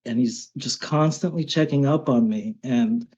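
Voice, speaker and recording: A man's voice: mid-range voice, unhurried, darkish tone, breathy edge, highs cut off. A man telling stories as a podcast guest, chatty and casual, often tagging his sentences with "right?". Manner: chatty, with frequent "um" and "right?" tags. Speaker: martial arts instructor, guest. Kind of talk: conversational storytelling.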